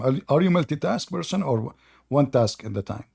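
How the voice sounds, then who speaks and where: A man's voice: medium pitch, expressive, moderate pace, gravelly, a little mellow, breathy edge. A man hosting a casual livestream chat, joking and mocking, with a tired voice. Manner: mocking, joking, laughs at his own stories. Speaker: host.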